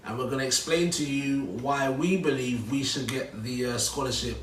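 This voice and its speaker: A man, giving a mock-earnest speech in a deadpan way. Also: mid-range voice, normal speed, a little hiss or hum. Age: 30s. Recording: roomy, distant phone recording.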